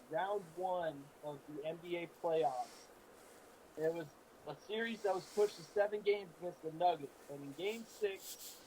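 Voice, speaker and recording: A man's voice: high-pitched, a little mellow, a little hiss or hum, poor audio. A man telling sports stories in an earnest, emotional way during a casual talk show. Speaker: co-host.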